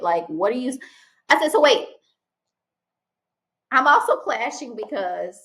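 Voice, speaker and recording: A young woman vlogging casually, telling a story with lively quoted dialogue and many restarts. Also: fairly high pitch.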